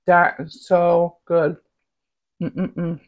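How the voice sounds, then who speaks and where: A chatty woman with a light Southern lilt talks through her home cooking in a rambling, easygoing way, savoring each bite aloud. Her voice sits a little low for a woman. The sound is a dull, lo-fi home recording. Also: level tone, drawn-out words. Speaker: cooking vlogger. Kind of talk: casual cooking chat.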